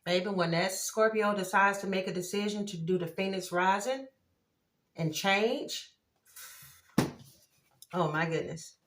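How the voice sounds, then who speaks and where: Her mid-range voice is unhurried and full of pauses as she does a relaxed tarot reading for viewers. She still gets excited, calling out at the cards as she reveals them and laughing frequently.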